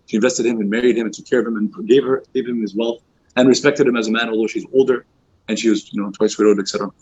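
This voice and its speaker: A man's voice: fairly low pitch, breathy edge. A man giving a casual religious talk to a youth circle in a mosque, informal with many fillers, acting out quoted speech. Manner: fast, informal, many fillers like "you know" and "like"; acts out quoted speech in lively voices. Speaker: youth halaqah teacher. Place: mosque hall. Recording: dull lo-fi recording.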